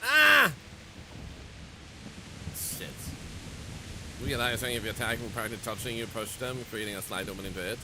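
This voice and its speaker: A man's voice: mid-range voice, big pitch swings, normal speed, pauses often, background noise. A man streaming a game, commenting in a playful, joking way with frequent exclamations. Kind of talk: gameplay commentary.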